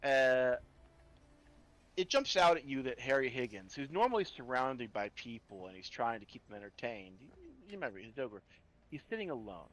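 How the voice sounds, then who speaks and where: A man's voice: mid-range voice, big pitch swings, moderate pace, a bit bright, rough recording. A man running a tabletop horror game as game master, often stalling on fillers and restarting sentences. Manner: hesitant, many fillers and restarts.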